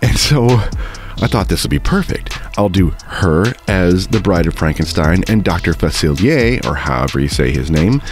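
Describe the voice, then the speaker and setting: A man speaks casually and chattily, breaking off into nerdy side notes before settling into reading a book aloud. His voice is very low. Faint music plays behind him. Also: expressive, normal speed. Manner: chatty, self-interrupting, nerdy asides. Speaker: digital artist and video host.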